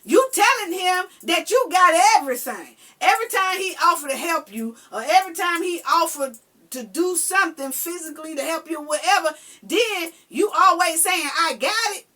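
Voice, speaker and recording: A woman's voice: very high-pitched, expressive, moderate pace, pushed and bright. A woman giving relationship advice in a casual monologue to viewers. She is blunt and profane, repeats her points with lots of fillers, and speaks in a colloquial way. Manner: blunt, profane and emphatic, talking straight to viewers.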